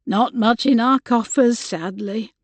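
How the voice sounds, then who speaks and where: A woman's voice: a little high, measured pace, no room sound. A woman narrator voicing a fretful, motherly older cook-housekeeper who speaks in a homely, old-fashioned way. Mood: fussing.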